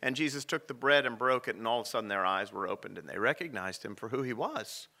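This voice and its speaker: A man preaching a sermon as rector, telling stories with dramatic pauses. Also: medium pitch, expressive, gravelly, bright, forceful tone.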